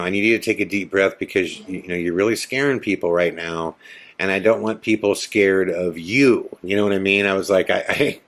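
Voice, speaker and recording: Low-voiced man telling a ghost story. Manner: animated retelling, acting out others' quotes. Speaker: podcast host. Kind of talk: casual storytelling.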